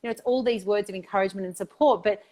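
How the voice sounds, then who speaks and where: A woman's voice: medium pitch, very fast, darkish tone. Chatty woman, middle-aged. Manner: enthusiastic, chatty, frequent "like" and "you know". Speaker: guest, institute founder. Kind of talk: casual interview chat.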